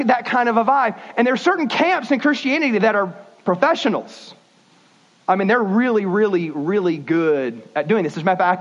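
A man preaching a sermon, animated and folksy, shifting his pace suddenly. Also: high voice. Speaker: pastor. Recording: dull lo-fi sound.

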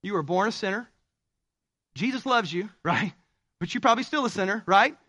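High-voiced, bright, animated male pastor. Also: a little fast, no echo. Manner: animated, acts out quoted spouses in a higher voice. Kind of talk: sermon.

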